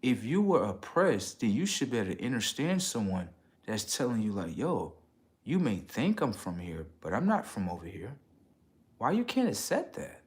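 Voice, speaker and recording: A man with a fairly low voice talks to his livestream audience in a loose, slangy ramble, tossing in "okay" and "right" after nearly every line. When he gets worked up, his voice climbs high and loud. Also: sing-song, moderate pace. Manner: slangy, street-casual talk. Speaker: livestream host. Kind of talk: casual livestream rant.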